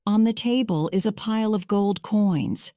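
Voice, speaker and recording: A woman reading a simple storybook aloud for English learners, clear and deliberate. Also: medium pitch, dark tone, no room sound, clean studio sound. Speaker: narrator. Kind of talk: slow scripted story narration for English learners.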